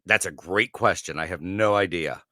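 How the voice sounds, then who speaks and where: A man's voice: deep voice, normal speed, bright, forceful tone, no room sound, clean studio sound. A man co-hosting a podcast, telling rambling stories in casual chat with restarts and laughs. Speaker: podcast co-host.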